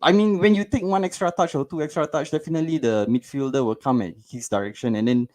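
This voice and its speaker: A man's voice: fairly high pitch, quick pace, darkish tone. A man calling into a phone-in, giving an analytical breakdown with many hesitations and fillers. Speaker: caller.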